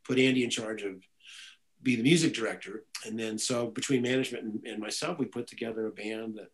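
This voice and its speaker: A man's brisk, mid-range voice carries animated, rambling stories in a casual interview, with many restarts along the way. He's a guitarist and music director, and the audio is poor.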